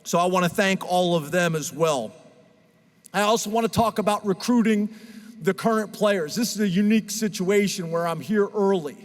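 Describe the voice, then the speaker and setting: A man with a fairly high voice speaks at normal speed as a head football coach, making earnest, emotional statements at a press conference. He sounds a little far off and washed out because of the long reverb in a large room.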